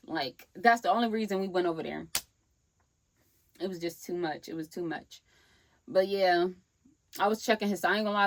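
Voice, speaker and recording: A young woman, telling a storytime vlog in a lively way and acting out the people she quotes. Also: medium pitch, no room sound. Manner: animated storytelling, acts out quoted voices. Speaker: vlogger.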